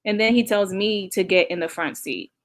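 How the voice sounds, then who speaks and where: A woman's voice: mid-range voice, normal speed. Female vlogger, casual to-camera recap, emotional, sighs a lot. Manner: emotional, sighing, talks straight to viewers. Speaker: vlogger recounting past events. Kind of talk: casual reaction commentary.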